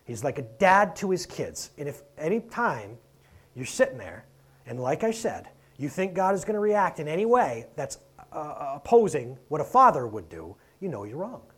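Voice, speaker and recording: A man delivers a sermon in an easygoing, conversational way. His voice sits a little high and sounds husky, and his pitch climbs and drops freely as he asks the congregation questions. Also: big pitch swings, normal speed. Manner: conversational preaching with rhetorical questions, swings between loud and soft. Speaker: pastor.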